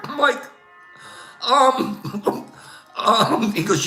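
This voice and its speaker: The older host of a casual livestream tells meandering complaint stories, laughing a lot and repeating "Okay?" out of habit. He speaks extremely slowly with many pauses, in an extremely high, lively, sharp-toned voice, with roomy sound and soft music behind him.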